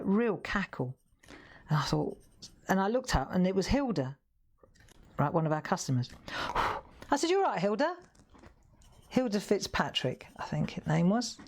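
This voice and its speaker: Craft lady on a live stream, rambly chatty stories, lowish voice. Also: a little mellow. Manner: rambling, chatty storytelling with laughs. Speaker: craft show host. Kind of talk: casual live-stream chat while colouring.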